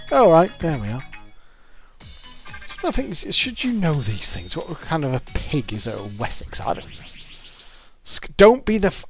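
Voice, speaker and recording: A British man talks through a game he is playing, and his voice leaps up and down as he curses his bad luck and mocks himself. He swears often and sounds exasperated, and faint game music plays behind him. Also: medium pitch. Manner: swearing, exasperated, self-mocking. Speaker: YouTuber. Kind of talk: gameplay commentary.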